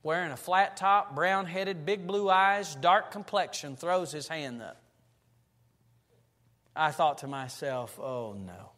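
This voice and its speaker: A pastor preaching a sermon in a church, telling stories and building to loud, emphatic passages. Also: male voice, fairly high pitch, takes it slowly. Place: church sanctuary. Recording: long reverb of a church hall.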